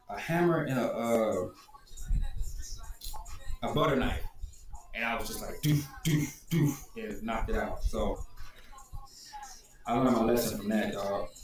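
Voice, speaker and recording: A man with a Detroit accent telling a rambling, profane story and casually showing how something works. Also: medium pitch. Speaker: video host. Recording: echoey room, faint background noise.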